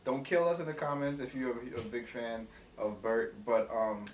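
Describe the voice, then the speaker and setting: A man's voice: medium pitch, lively intonation, normal speed, roomy sound, distant mic, a little hiss or hum. A man hosting a reaction video, chatting casually and profanely, hedging his opinions. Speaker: reaction channel host. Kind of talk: casual chat.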